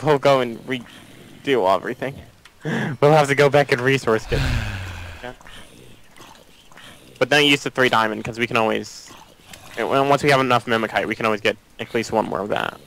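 A man's voice: medium pitch, steady tone, normal speed, gravelly, pauses often, a bit bright, rough recording. A man playing a game with a friend, chatting casually and groaning and exclaiming when he dies. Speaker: Let's Play gamer. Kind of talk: casual gaming banter.

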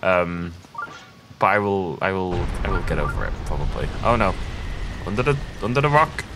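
Over music, a low-pitched man speaks at normal speed as he plays a game for a let's play. His commentary is casual, rambling, and self-deprecating.

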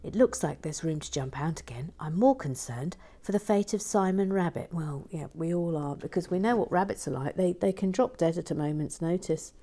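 A woman hosting a Lego build channel, reading viewer comments playfully and whispering softly while building. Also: fairly low pitch, normal speed, few pauses. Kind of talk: casual chat and soft whispered building commentary.

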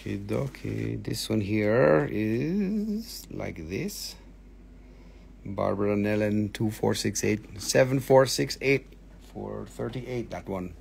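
A man hosting a live sales stream, talking with excited, animated patter as he shows and prices each item. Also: on the low side, slow, gravelly, a little hiss or hum.

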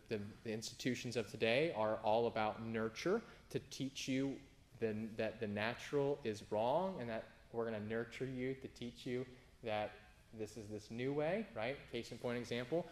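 Man preaching in a loose, animated way. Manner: informal, animated preaching with frequent restarts and sudden emphatic high bursts. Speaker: pastor. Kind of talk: conversational sermon.

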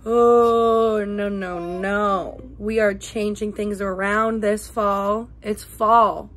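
A young woman vlogger chatting casually to camera, venting in a chatty, profane way. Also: slow pace. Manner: chatty, profane, venting with big swings in pitch. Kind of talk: casual vlog chat.

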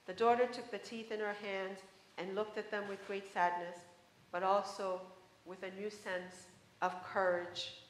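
A woman author giving a public reading of a story in a measured, expressive way, in a college lecture hall. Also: mid-range voice, slight background noise.

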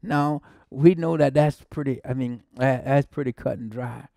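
A man with an American accent preaching a sermon, his voice mellow and warm at a middle pitch. He repeats words, exclaims often and climbs to emphatic peaks, with short laughs between phrases. The sound is close and dry. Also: moderate pace, creaky, dry recording. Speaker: pastor.

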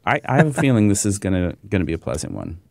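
A man's voice: deep voice, big pitch swings, racing, creaky, darkish tone, dry recording. A man co-hosting a casual podcast, joking and self-deprecating as he talks. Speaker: podcast co-host. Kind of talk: casual chat.

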